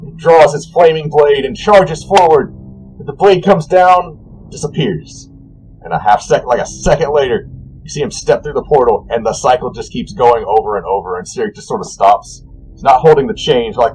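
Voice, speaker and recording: A man narrating a tabletop game as dungeon master, animated and rambling, correcting himself as he goes. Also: mid-range voice, moderate pace, faint music behind, low-quality recording.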